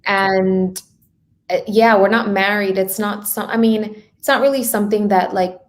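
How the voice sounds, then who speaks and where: A woman's voice: medium pitch, fairly even intonation, moderate pace. A woman coaching guest in casual podcast chat, talking openly in a chatty way and filling her speech with "like" and "right?".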